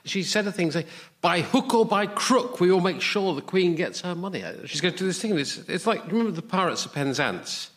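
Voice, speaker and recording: A man's voice: sits high, animated, brisk, fairly bright tone. A man on a comedy panel, telling a story with theatrical asides. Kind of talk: comic panel banter.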